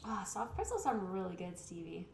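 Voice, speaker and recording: Cooking at home while she streams, a young woman chats and rambles in a mid-range voice that is animated, moderately paced, a bit mellow and touched with vocal fry. Because her mic sits away from her, the kitchen sound is echoey with a faint background hiss.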